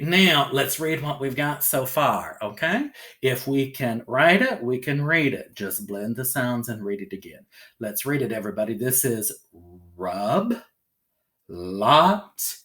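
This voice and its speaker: A man's voice: medium pitch, animated, moderate pace, pushed and bright. A man teaching a phonics lesson to young learners, sounding out letters one by one and checking in with a rising "okay?".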